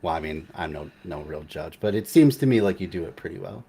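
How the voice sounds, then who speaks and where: A young man with a low voice hosts a casual live stream, talking in a rambling, halting way full of fillers and restarts. He thanks viewers and chats with his co-host. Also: lively intonation, creaky, mellow, slightly rough. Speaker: livestream host.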